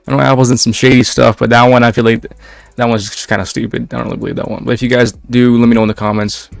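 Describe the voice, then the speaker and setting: A man's voice: mid-range voice, little pitch movement, rapid-fire, creaky, no room sound. A man reacting casually to short clips as host, with offhand remarks.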